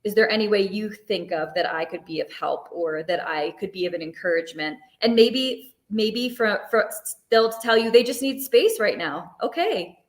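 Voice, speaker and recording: A woman's voice: medium pitch, expressive, moderate pace, hardly any pauses, reverberant. A woman therapist talking through ideas in a casual discussion, with many filler words. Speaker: therapist guest.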